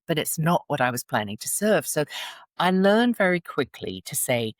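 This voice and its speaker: A British woman in her sixties from England, chatting as an interview guest and telling animated stories with frequent laughter. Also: low voice, normal speed, no room sound. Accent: British English. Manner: animated storytelling, laughs often. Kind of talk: casual interview chat.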